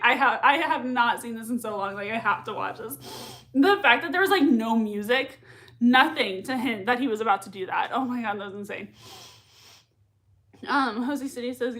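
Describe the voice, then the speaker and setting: A woman's voice: a little high, normal speed, bright, forceful tone. A young woman hosting a live reaction stream, gushing and repeating herself as she reacts and reads chat messages. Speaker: livestream reaction host.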